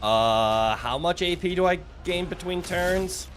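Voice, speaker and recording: A male game streamer talks through his play in a bright, forceful voice, his pitch swinging widely. He chats casually, reads game text aloud and throws in playful exclamations. Faint game music sits beneath him. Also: animated, a little slow. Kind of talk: casual gameplay commentary.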